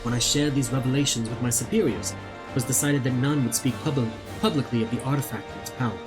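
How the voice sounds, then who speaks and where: A man voicing a dutiful male temple knight, reading game dialogue aloud in an earnest, formal, measured way. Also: medium pitch, music in the background, lightly acted. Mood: solemn.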